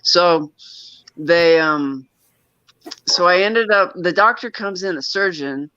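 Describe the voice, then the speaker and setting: Bright, tense-voiced man telling a rambling story. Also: high-pitched, slow pace, clean tone, dry recording. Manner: rambling, with frequent restarts and nervous laughs. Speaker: guest telling a personal story. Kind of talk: casual conversational storytelling. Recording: dull, lo-fi sound.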